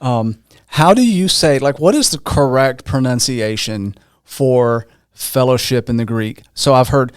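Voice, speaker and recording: A man's voice: medium pitch, measured pace, few pauses, clean tone, no room sound, clean studio sound. A man hosting a podcast, asking long, casual questions full of fillers and restarts. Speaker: podcast host. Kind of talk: conversational podcast interview.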